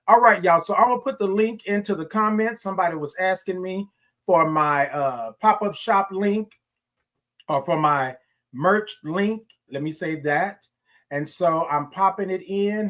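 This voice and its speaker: Greeting viewers by name, this Houston morning show host runs a relaxed livestream in a Southern Texas twang. His voice is high and fairly bright, and his style is folksy and repetitive.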